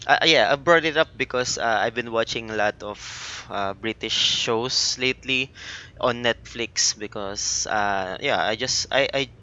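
A man's voice: medium pitch, a little slow, hardly any pauses, sharp tone. A young Filipino man with a Filipino accent hosting a casual chat, encouraging and full of fillers. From Philippines. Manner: encouraging, with frequent fillers and laughs. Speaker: podcast host. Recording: dull lo-fi sound.

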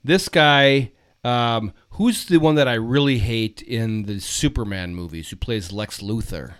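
A man with a middle-pitched voice talks casually about films. He muses and circles around his views, often hesitating mid-thought. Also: unhurried, clear, resonant tone. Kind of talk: casual chat.

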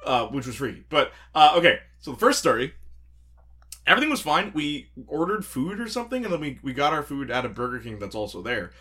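A man, telling stories in a casual chat, animated and laughing as he acts out quotes. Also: mid-range voice, a little fast.

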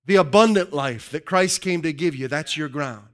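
A man preaching a sermon to his congregation in an energetic, joking way that keeps calling out to the crowd. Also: on the high side, moderate pace. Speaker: pastor.

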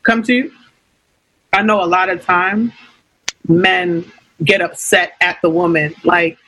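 A young woman, talking in a relaxed conversation. Her voice is bright and a little husky. She tells a candid story and slips into the voices of the people she quotes. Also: lowish voice, slow, poor audio. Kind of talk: casual chat.

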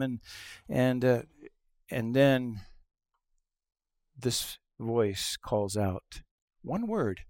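A middle-aged male pastor delivering a conversational sermon, telling stories and acting out quoted lines, moving between hushed asides and loud exclamations. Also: medium pitch, expressive, slow pace, pauses often, no room sound, clean studio sound. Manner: conversational storytelling with acted-out quotes.

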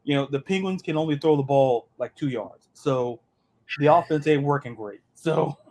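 Guy hosting a sports podcast, bit higher voice, excited, stumbles and repeats himself. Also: moderate pace. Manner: animated, repeats words, joking asides. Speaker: podcast host. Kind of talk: casual sports chat.

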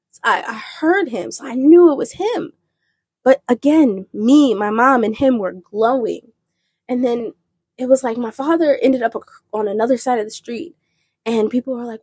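A woman's voice: a little high, a little slow, breathy edge, dry recording. A woman hosting a podcast, telling a personal faith testimony in an earnest, rambling way with restarts. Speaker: podcast host.

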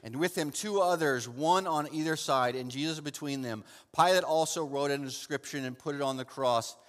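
A man preaching a sermon and reading from the Bible, swinging between loud fervent passages and hushed soft ones, and calling his listeners "saint". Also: fairly high pitch, moderate pace. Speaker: pastor. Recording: long hall reverb.

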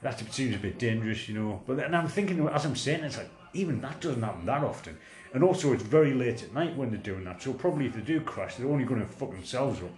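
A man tells a meandering story in a relaxed podcast chat, full of swearing and self-mockery. His voice sits at a middling pitch, and the room around him sounds noticeably echoey. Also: fast.

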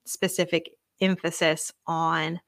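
A woman's voice: sits low, little pitch movement, takes it slowly, a bit bright, no room sound, studio quality. A young adult woman hosting a podcast alone, telling a personal faith testimony in an earnest, conversational way with lots of fillers. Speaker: podcast host.

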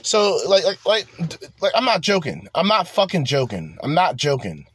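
Animated, laughing male commentator. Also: on the high side, normal speed, slight background noise. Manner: animated, laughing, profane slang. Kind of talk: casual reaction commentary.

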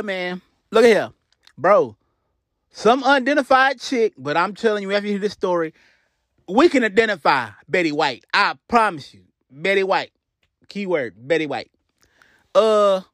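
A man's voice: high voice, no room sound, studio quality. A man hosting a show, ranting in a casual comic way, swearing a lot and repeating himself. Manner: profane, animated, repeats himself. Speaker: podcast host.

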